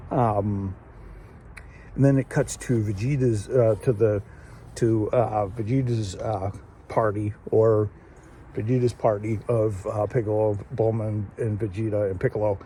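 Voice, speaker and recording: Male host, casual solo review, mellow tone, rambling with lots of restarts, faint background noise. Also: lowish voice, steady tone, measured pace. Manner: rambling, many fillers and restarts, laughs while retelling. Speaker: show host reviewing an anime episode.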